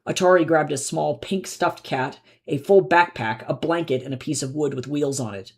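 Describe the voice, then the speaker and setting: Guy reading his own book live, kinda higher voice, calm measured narration. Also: creaky, husky.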